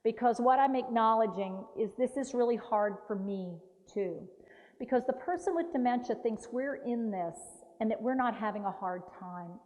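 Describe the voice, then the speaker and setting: A woman's voice: fairly high pitch, a little mellow, muffled recording. Woman coaching a workshop in a reverberant hall. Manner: coaching, direct, demonstrates phrases aloud. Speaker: dementia care trainer. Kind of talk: hands-on workshop instruction.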